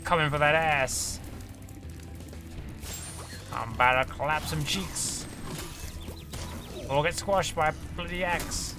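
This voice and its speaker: A man streams himself playing a video game and talks through it casually. He yelps and cheers at each hit and miss. Game music plays loudly behind his voice. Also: fairly high pitch, slow, long pauses. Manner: excitable, shouts and exclaims at the game. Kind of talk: casual gameplay commentary.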